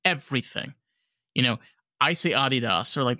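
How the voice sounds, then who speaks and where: A man's voice: medium pitch, expressive, normal speed, bright, forceful tone, dry recording, studio quality. A man from the United States hosting a podcast interview, talking casually, joking and swearing freely. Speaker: podcast host.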